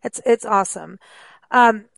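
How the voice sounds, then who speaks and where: Bubbly chatty woman, bright and dry. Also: on the high side, a little slow, gravelly, no echo. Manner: enthusiastic, chatty, exclaims often. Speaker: radio show host. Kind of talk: casual chat.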